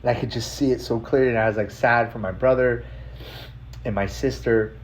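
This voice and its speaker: A man telling a personal story in a casual, rambling way, full of filler words and swearing, emotional and excited. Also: mid-range voice, brisk, a little hiss or hum. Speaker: vlogger.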